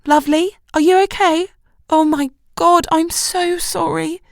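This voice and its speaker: A woman reading an audiobook, voicing a bubbly, caring young best friend who talks high and excitably. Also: a little slow, gravelly, no echo, clean studio sound, heavily acted. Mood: gushing.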